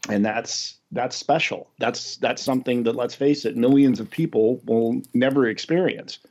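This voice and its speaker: A man's voice: medium pitch, moderate pace, a little mellow. A man in casual podcast conversation as a guest, talking earnestly and rambling through many restarts, laughing easily. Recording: lo-fi dull sound.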